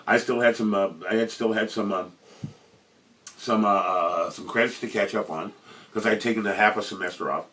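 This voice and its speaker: A man, a former bandmate, telling an animated anecdote and acting out the voices of the people in it. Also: fairly low pitch, brisk, recorded from a distance. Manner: acts out quoted voices, loud and lively. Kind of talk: animated storytelling.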